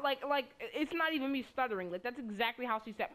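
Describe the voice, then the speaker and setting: A woman's voice: sits high, animated, fairly quick, hardly any pauses, a bit bright. A teenage girl telling a rambling, stammering story full of profanity, casually, while playing a game. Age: teens. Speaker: student vlogger.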